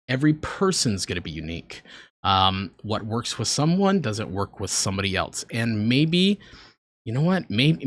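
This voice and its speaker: An American man in his twenties or so, talking casually and earnestly while reacting to videos on a stream, sometimes rambling. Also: medium pitch. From United States. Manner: earnest, rambling, emotional at times.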